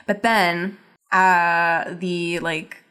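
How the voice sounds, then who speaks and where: A woman's voice: on the low side, fairly even intonation, very slow, sharp tone, clear, resonant tone. A young woman podcast host recapping an episode in a chatty, giggly way, full of "like".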